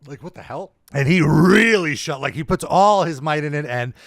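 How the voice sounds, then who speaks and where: A man co-hosting a wrestling review podcast in casual chat, excitable and acting out the crowd's reactions. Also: a little high, normal speed, vocal fry, dry recording, studio quality. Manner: excitable, acts out quoted reactions. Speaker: podcast co-host.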